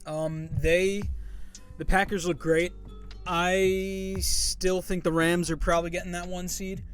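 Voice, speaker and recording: A man co-hosts a sports podcast, laid-back and confident as he gives his picks. His voice is high for a man. Faint music plays softly underneath. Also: level tone, slow. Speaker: podcast co-host. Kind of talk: casual sports chat.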